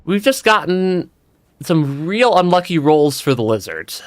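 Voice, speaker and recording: A man's voice: a little high, sing-song, unhurried, dry recording, studio quality. A young man giving casual let's-play commentary, stammering and restarting often and laughing between remarks. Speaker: streamer.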